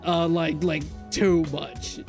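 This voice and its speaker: Male gaming streamer, slightly high voice, rowdy, swearing storyteller, faint game music underneath. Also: slow. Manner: animated, profane, swings between loud outbursts and low mutters.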